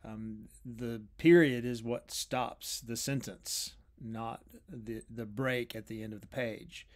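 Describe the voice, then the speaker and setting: A man of ordinary middle pitch gives an unscripted lecture on poetry. He talks thoughtfully and restarts phrases as he searches for words. His pace slows deliberately on key points. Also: steady tone. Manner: thoughtful, with frequent restarts and drawn-out pauses.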